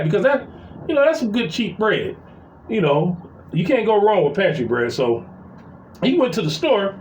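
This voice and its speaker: A man's voice: high-pitched, sing-song, moderate pace, a little hiss or hum. A middle-aged man telling a long, profane story about his family, rambling and full of fillers and repeats. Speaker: vlogger venting about family. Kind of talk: casual storytelling rant. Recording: roomy echo.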